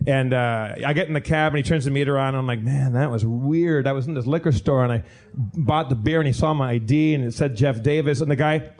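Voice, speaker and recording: A man's voice: mid-range voice, fairly quick, darkish tone. A man telling a long rambling anecdote on a live comedy podcast stage, with many restarts. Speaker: podcast regular telling a story. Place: live theater stage with audience.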